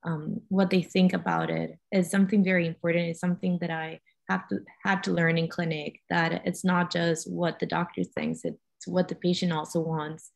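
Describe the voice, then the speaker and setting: A woman with a Spanish accent answering as a physician on a panel, careful and pausing with ums. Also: lowish voice, vocal fry. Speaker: physician guest.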